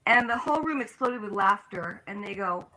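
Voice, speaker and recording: A woman's voice: mid-range voice, normal speed, background noise. An older woman, an actress, telling anecdotes in an interview and acting out the voices of the people she quotes. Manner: animated, acts out quoted voices. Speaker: guest actress. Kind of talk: storytelling in an interview.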